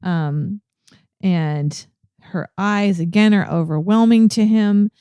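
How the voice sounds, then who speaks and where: A woman co-hosting a ministry podcast, talking through a Bible passage in a casual, thoughtful way and pausing often to search for words. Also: medium pitch, mellow, clean tone, dry recording. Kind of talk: casual Bible study discussion.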